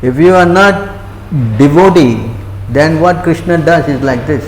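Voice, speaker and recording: In an echoey temple hall with faint background noise, a man gives an interactive scripture lecture. His voice sits on the high side and moves a little slowly. He keeps checking that his listeners are following, often asking short questions like whether they understand.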